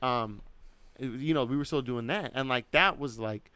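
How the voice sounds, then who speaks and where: A man in his thirties with a smooth, clear voice, recorded dry and close with no room sound. He rambles through a story in loose podcast chat, leaning hard on "like" and swearing freely. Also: mid-range voice, moderate pace, bright, forceful tone, no echo. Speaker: podcast co-host.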